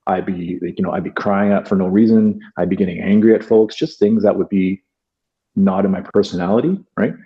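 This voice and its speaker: A man from Canada, a podcast guest, speaking in an earnest, halting way with many fillers and restarts. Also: sits low, dull audio. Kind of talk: reflective interview talk.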